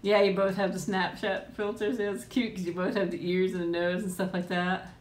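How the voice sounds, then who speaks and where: A woman's voice: medium pitch, level tone, normal speed. A middle-aged woman hosting a casual live stream, chatting loosely and reading viewer comments aloud, her voice leaping up whenever she greets someone. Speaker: host of a live eating stream. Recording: roomy echo.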